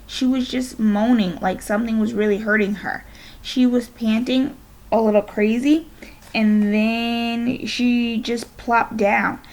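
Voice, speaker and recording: A woman's voice: on the high side, steady tone, slow, a little mellow. A woman teacher voicing a teenage older sister who explains, soothes and is a little impatient, in a read-aloud of a children's novel. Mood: upset. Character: teenage girl, older sister, tearful but comforting.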